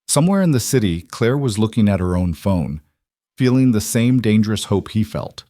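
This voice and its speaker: Low-voiced male story narrator. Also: big pitch swings, normal speed, mellow, no echo, clean studio sound.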